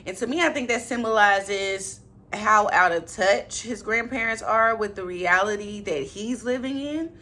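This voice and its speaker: Bright-voiced sassy woman film reviewer. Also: mid-range voice, a little slow. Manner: animated, sassy, laughing asides, rhetorical questions. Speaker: movie reviewer, channel host. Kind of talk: casual, chatty commentary.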